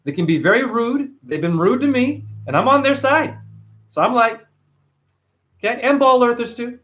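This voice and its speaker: A man with a notably high-pitched voice delivers a casual vlog monologue. He talks emphatically and with animation, and swears freely along the way. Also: expressive, moderate pace, a bit bright, soft background music. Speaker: vlogger.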